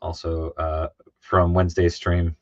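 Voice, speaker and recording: A man with a very low voice chats loosely on a livestream, trailing off and restarting often. He sounds worn out. The sound is dry and a little dull. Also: monotone, a little slow, dry recording. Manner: rambling, many fillers and restarts, reads chat aloud. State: tired. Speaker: comic artist streaming live. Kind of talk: casual livestream chat.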